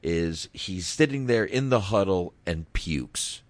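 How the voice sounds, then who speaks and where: Low-voiced, unhurried man swearing casually. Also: lively intonation, no room sound. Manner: profane, laughs often, rambling restarts. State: sore throat after shouting. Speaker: podcast co-host. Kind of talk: casual movie review chat.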